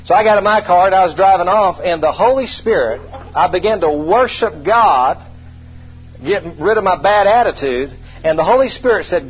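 A man's voice: high voice, animated, normal speed, slightly rough, muffled recording. A man preaching a sermon in a folksy, conversational storytelling way, poking fun at himself and asking the congregation questions. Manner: folksy, self-deprecating, asks the congregation rhetorical questions.

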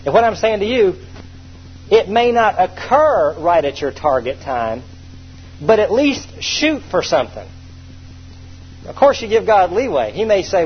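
A man's voice: high voice, big pitch swings, unhurried, long pauses, slightly rough. A man in his thirties preaching a sermon, emphatic and storytelling, repeating his key phrases for effect. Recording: dull lo-fi recording with faint hum.

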